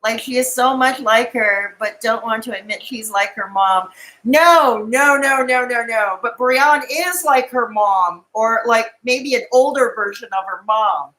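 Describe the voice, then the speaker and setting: A woman's voice: a little high, unhurried, few pauses, fairly bright tone, poor audio. A woman hosting a live stream, chatting casually and giggling as she rambles and answers comments.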